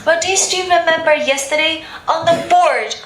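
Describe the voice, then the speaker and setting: A woman teaching an English class, briskly asking questions and drilling pronunciation. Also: very high-pitched, a bit bright, slight background noise. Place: school classroom full of students. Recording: echoey classroom with pupils' chatter.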